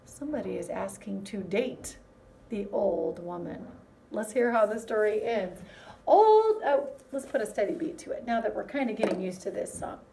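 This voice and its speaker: A woman teaching a music lesson to young children, in a gentle, encouraging way that speaks straight to them. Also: medium pitch, moderate pace, gravelly, far from the mic, slight background noise.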